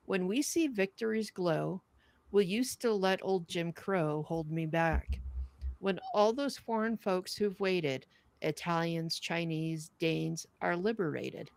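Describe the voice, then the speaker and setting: Low, gravelly woman with a dry sound. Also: no echo. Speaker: podcast co-host. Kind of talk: reading a poem aloud, then casual chat.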